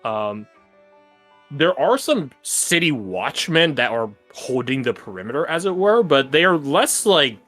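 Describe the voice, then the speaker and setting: Bright-voiced male game master, rambling. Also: medium pitch, expressive, unhurried, faint music behind. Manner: casual, rambling, heavy on filler words. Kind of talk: narrating a tabletop game.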